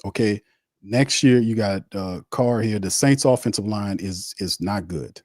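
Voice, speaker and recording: A man's voice: fairly low pitch, measured pace, darkish tone, no room sound, clean studio sound. A man hosting a live sports watch party, ranting bluntly and repeating himself. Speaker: sports podcast host.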